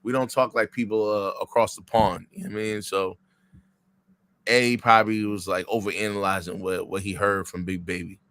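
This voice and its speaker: A podcast co-host man talking in loose, filler-packed casual chat. His voice is bright and pushed forward, and the sound is dry with no room around it. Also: lowish voice, level tone, a little fast, dry recording. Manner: hesitant, filler-heavy, laid-back.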